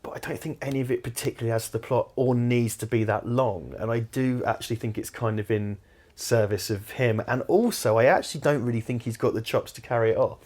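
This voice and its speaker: A young man co-hosting a casual film commentary, animated and opinionated, swearing freely. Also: mid-range voice, fast. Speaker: podcast co-host.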